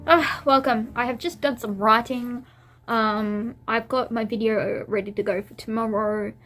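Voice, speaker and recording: A woman's voice: on the high side, flat delivery, a little slow, fairly bright tone, faint music behind. A young woman chatting casually to camera in a vlog, rambling and laughing at herself, a little teary. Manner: rambling, self-amused, giggly. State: teary and emotional. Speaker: vlogger.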